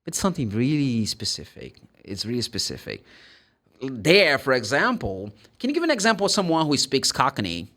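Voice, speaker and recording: A man with a Brazilian Portuguese accent teaching English pronunciation, explaining and demonstrating sounds in an animated way. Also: mid-range voice, moderate pace. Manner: animated, demonstrates sounds and acts out students' questions. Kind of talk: pronunciation lesson.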